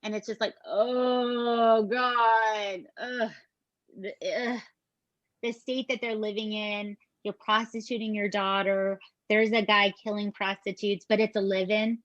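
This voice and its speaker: A woman's voice: medium pitch, flat delivery, moderate pace, hardly any pauses, fairly bright tone, no room sound. A woman co-hosting a podcast, telling a true-crime story in a casual, emphatic way with some swearing. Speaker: podcast co-host. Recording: dull, dry lo-fi podcast mic.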